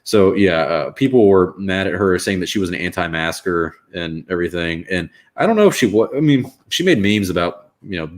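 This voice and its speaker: A man's voice: low voice, lively intonation, a little fast, few pauses. A young man hosting a live reaction stream, talking casually in a rambling, wry way with lots of fillers. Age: young adult.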